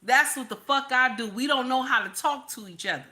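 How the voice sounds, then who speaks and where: A woman delivers a casual, profane rant to her audience. Her voice sits a little high and sounds bright and forceful. She hammers her points by saying them twice. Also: a little fast. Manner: blunt, profane, repeats lines for emphasis. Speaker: commentary channel host. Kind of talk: casual ranting commentary.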